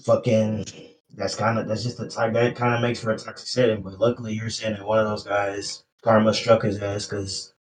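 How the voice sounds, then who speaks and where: Profane, animated male podcast co-host. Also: fairly low pitch, moderate pace. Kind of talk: casual chat.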